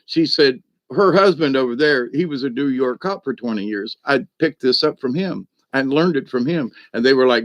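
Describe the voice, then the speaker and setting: A man's voice: medium pitch, animated, moderate pace, few pauses, no room sound, lo-fi sound. A man from South Georgia, hosting a live stream and telling rambling stories to his chat. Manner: rambling and chatty, full of "you know" and "but anyway". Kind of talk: casual storytelling to a live chat.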